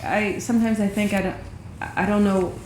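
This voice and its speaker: A woman's voice: medium pitch, steady tone, normal speed, a little mellow, slight background noise. Reflective woman guest in an echoey room. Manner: reflective, hesitant, laughs often. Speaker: podcast guest, yoga teacher. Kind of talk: casual chat. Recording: echoey room with faint ambience.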